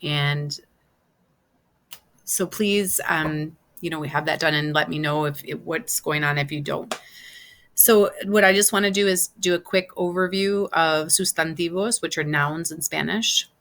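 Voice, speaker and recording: A woman teaching a Spanish class, explaining step by step with many pauses and fillers. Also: low-pitched, a bit bright, slight background noise. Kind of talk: online class lesson.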